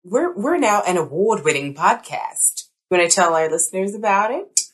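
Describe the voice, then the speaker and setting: A woman co-hosts a podcast in relaxed chat, with a playful, upbeat manner. Her pitch swings widely and her intonation is very lively, though her pitch is average overall. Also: normal speed, poor audio. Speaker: podcast co-host.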